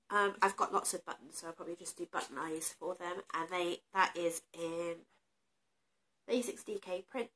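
A crochet vlogger with a stuffy, nasal voice from a cold shows off her projects in casual show-and-tell chat, poking fun at herself. Her voice is fairly low with a sharp tone.

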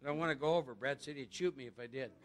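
A man's voice: medium pitch, racing. A man speaking at a live recovery workshop, chatty and quizzing his audience with rhetorical questions.

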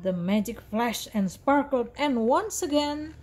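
A woman's voice: fairly high pitch, a little slow. A woman reading a picture book aloud, voicing the characters with lots of expression. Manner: animated read-aloud with voiced dialogue. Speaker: storybook reader.

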